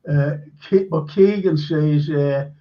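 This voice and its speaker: A man's voice: on the high side, slow pace, dull audio. A man hosting a live stream, chatting casually about football with blunt, emphatic verdicts and lots of fillers.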